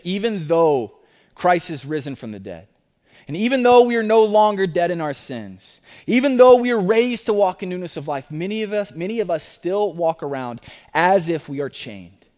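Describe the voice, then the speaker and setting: A man preaching a sermon, repeating key phrases and moving between loud urgent declarations and quiet personal appeals. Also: high-pitched, in a large hall. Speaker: pastor.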